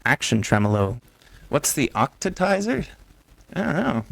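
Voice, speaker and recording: A man's voice: a little high, sing-song, unhurried, gravelly, fairly bright tone, slightly rough, no echo. A young man hosting a music-making video, chatting casually and reading viewer comments as he works on a song. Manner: chatty, reads out viewer comments while working. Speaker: music producer and host.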